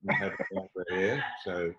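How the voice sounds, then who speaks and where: An older Australian man chatting as a guest over a video call, dry and teasing in a measured way. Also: deep voice, wildly swooping pitch, a bit bright, reverberant, muffled recording. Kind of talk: casual video-call chat.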